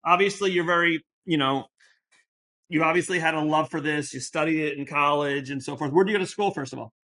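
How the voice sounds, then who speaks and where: A male podcast host whose voice sits a little high. He asks long, winding questions, padding them with "you know" and restarts. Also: fairly quick, bright, forceful tone. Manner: rambling, filler-heavy questions. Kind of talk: conversational interview.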